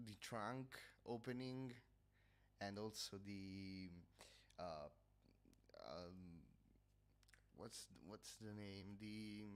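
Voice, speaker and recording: On a livestream, a man from Italy chats casually in English, his Italian accent evident, using a headset microphone. The voice sits lowish and rings clear and resonant, with a nasal quality, and he is hesitant, frequently halting to look for words.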